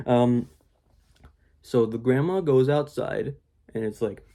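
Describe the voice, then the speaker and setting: A man's voice: medium pitch, animated, takes it slowly, dark tone. A young man giving a casual spoken movie review, rambling with many fillers and mocking quoted voices.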